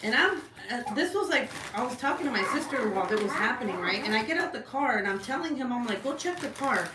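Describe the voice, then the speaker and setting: Swearing, animated woman vlogger ranting casually at home; roomy echo. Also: on the high side, quick pace, heavy background noise. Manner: animated, heavy swearing, lots of "like" and "right?". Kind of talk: casual storytelling rant.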